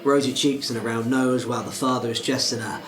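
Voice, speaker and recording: A man's voice: mid-range voice, level tone, quick pace. A man narrating a tabletop game as game master, hesitant with many restarts.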